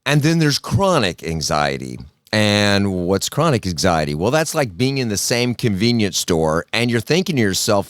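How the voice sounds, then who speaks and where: A man's voice: fairly low pitch, big pitch swings, moderate pace, no room sound. A man hosting a podcast, telling a story in a folksy, casual way and acting out the people in it. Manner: folksy storyteller, acts out quotes, frequent restarts. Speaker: podcast host. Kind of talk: casual solo talk.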